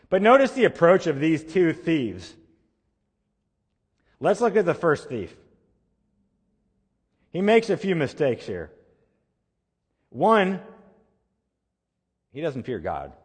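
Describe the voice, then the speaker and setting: A man preaching a sermon as a pastor, building to emphatic peaks and then dropping to quiet, slow phrase endings. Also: mid-range voice, sing-song, husky. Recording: long reverb of a large hall.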